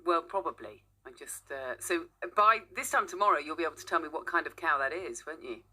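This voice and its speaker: A woman's voice: deep voice, animated, brisk, bright, forceful tone. A woman presenting a casual morning radio show, chatty and teasing, laughing often.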